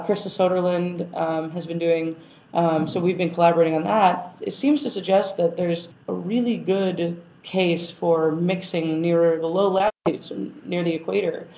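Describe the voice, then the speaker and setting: Lower-pitched woman scientist, echoey room. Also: darkish tone. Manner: thoughtful, many fillers and restarts. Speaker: planetary scientist guest. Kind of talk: casual interview answer. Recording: roomy echo.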